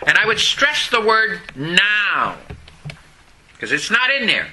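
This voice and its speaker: Slow, bright-voiced male preacher. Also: high voice, huge pitch swings, a little hiss or hum, rough recording. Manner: preaching slowly with emphatic repetition. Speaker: pastor. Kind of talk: sermon.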